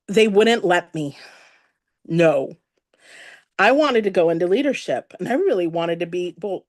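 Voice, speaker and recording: A woman speaker telling her own life story to an event audience, animated and emotional, laughing at times and with her voice sometimes breaking. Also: mid-range voice, no echo, clean studio sound. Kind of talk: personal story told on stage.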